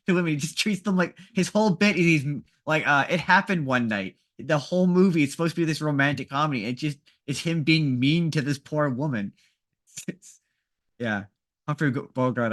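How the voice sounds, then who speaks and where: A man's voice: on the high side, a bit bright. A man co-hosting a podcast, talking casually and rambling with frequent restarts. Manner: rambling, many restarts and laughs. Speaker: podcast co-host. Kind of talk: casual chat.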